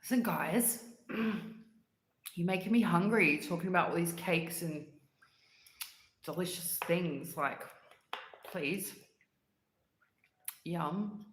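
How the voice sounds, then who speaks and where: An Australian woman hosts a casual livestream, chatting with her live chat viewers and raving about sweets with plenty of "like" fillers. She's congested and keeps clearing her throat. Her voice is fairly low and slow with long pauses, and the audio is reverberant with slight background noise.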